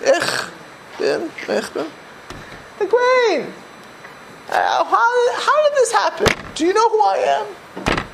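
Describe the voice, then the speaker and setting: A man's voice: very high voice, wildly swooping pitch, slow pace, creaky, long pauses, background noise, voice pushed up, heavily acted. A man imitating an indignant, haughty woman who acts like royalty, exclaiming in outrage.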